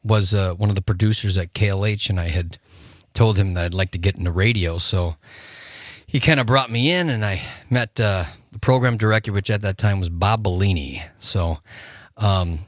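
A man's voice: on the low side, dry recording, clean studio sound. A man guesting on a radio show, telling stories in a rambling, chatty way with frequent laughs. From Wisconsin. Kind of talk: casual interview chat.

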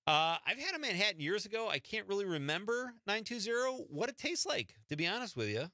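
A man's voice: high voice, big pitch swings, brisk, bright, forceful tone, no echo, clean studio sound. A man hosting a late-night radio show, chatting easily and laughing often as he reads listener texts. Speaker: radio host. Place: radio studio.

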